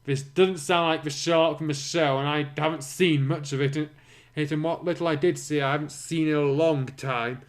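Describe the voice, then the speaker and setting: A man's voice: fairly high pitch, steady tone, moderate pace. Dry, mocking man reading a fan story. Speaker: reader and commentator. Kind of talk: sarcastic fanfic reading.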